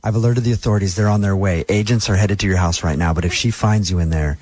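A man's voice: deep voice, steady tone, fast talker, darkish tone, no echo. A man hosting a radio prank call, speaking with mock urgency and grave seriousness.

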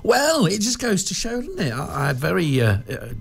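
A man's voice: high voice, huge pitch swings, moderate pace, vocal fry, slightly rough. A British man presenting a casual radio show, chatting in a rambling way with lots of fillers and restarts.

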